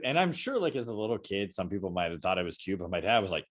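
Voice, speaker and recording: A young adult man co-hosting a podcast, telling stories casually and acting out the people in them with quick voice changes. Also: fairly low pitch. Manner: animated storyteller, acts out quotes in different voices. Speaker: podcast co-host. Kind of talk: casual chat.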